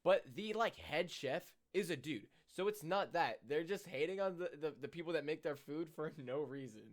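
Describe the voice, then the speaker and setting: A man's voice: a little high, moderate pace. A man giving casual, dry, sarcastic commentary on a movie, with some hesitation. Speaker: movie reviewer.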